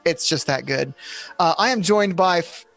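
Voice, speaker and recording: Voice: mid-range voice, moderate pace, gravelly, a bit bright, faint music behind. A playful, self-mocking dungeon master hosting a live tabletop game stream.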